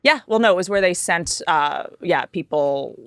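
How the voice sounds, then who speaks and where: A woman's voice: on the low side, lively intonation, normal speed, creaky, no echo, studio quality. A woman hosting a podcast, chatting casually and playfully and often breaking into laughter. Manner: playful, jokey, bursts into laughs. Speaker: podcast host. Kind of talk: casual chat.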